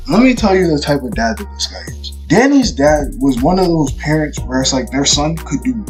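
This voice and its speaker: A man casually telling a personal story time, rambling with lots of fillers and getting loud as the argument heats up. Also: on the high side, animated, normal speed, faint music behind. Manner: rambling, many fillers like "like" and "you know"; grows loud and heated when retelling the argument. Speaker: YouTube storyteller.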